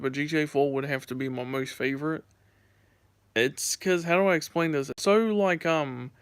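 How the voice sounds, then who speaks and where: A man's voice: medium pitch, a bit bright, smooth, no room sound. A young man streaming from home, telling gaming stories in a rambling, filler-heavy casual chat.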